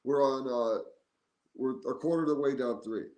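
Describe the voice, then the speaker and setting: A man co-hosting a podcast in a casual chat, telling an animated story full of "like". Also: mid-range voice, moderate pace. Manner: animated storytelling, heavy use of "like". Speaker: podcast co-host. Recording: echoey room.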